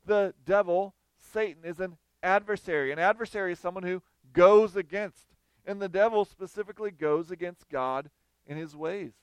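Guy preaching, reads scripture then riffs on it, higher voice, smooth and dry close sound. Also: normal speed, no room sound. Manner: animated, conversational, acts out quoted voices. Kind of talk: sermon with scripture reading.

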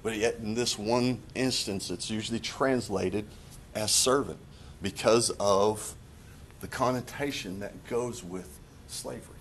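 A man with a lowish voice preaches in an earnest, confessional way, stumbling and restarting as he works through his thoughts. A faint low rumble runs under the recording. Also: a little slow, a bit bright. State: choked up. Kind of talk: sermon.

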